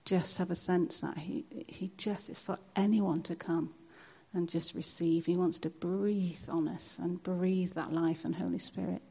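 Soft husky woman praying. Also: fairly low pitch, steady tone, rough recording. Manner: soft, hesitant, halting with fillers. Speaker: church member leading prayer. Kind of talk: spontaneous prayer and sharing.

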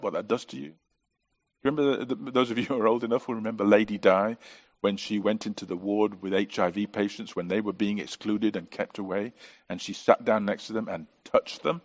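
Middle-aged pastor, low-ish voice, earnest preaching, lots of rhetorical questions. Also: male voice. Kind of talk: sermon.

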